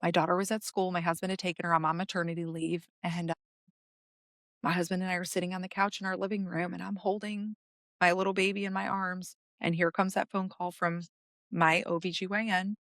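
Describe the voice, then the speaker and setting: A woman's voice: lowish voice, a little fast, no echo. Young woman telling her story, dry sound. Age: young adult. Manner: animated, acts out her own past words. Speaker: podcast guest. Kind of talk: emotional personal storytelling.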